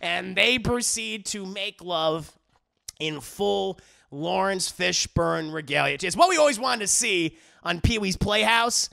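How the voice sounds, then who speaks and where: A man giving a rambling, comedic movie recap, animated and full of profanity and restarts. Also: high-pitched, vocal fry. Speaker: movie reviewer.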